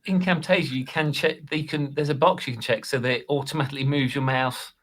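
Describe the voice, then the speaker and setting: A man chatting casually on a podcast about making course videos, self-deprecating and halting, restarting his sentences often. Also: medium pitch, steady tone, fairly bright tone. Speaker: Excel course creator and guest.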